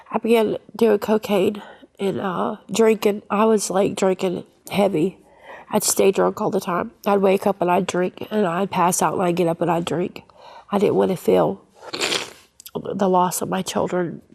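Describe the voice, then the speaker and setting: A woman giving a personal faith testimony as a guest, talking in a halting way with frequent fillers and restarts. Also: mid-range voice, gravelly, a little mellow, slightly rough. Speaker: guest sharing her life story.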